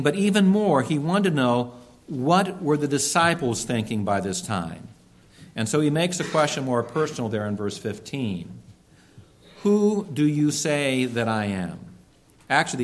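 Man, pastor, earnest sermon, emphatic, mid-pitched voice. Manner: earnest, emphatic preaching with slowed stresses.

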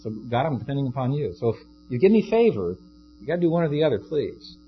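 A worn-out, overwhelmed leader, as a preacher acts him, pleading in a soft, quiet voice. The sound is dull and lo-fi, with faint guitar underneath. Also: male voice, medium pitch, lively intonation, fast talker, close to an everyday voice. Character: weary despondent old leader, overwhelmed man.

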